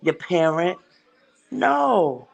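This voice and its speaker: A woman's voice: fairly low pitch, very animated, extremely slow, vocal fry. A woman hosting a livestream, talking bluntly and emphatically and swearing heavily. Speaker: livestream host. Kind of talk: casual chat.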